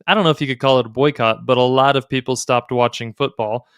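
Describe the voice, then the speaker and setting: Smooth-voiced man hosting a podcast. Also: mid-range voice, steady tone, quick pace, a bit bright, no room sound, studio quality. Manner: playful, quizzing like a game show. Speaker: podcast co-host. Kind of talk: casual conversation.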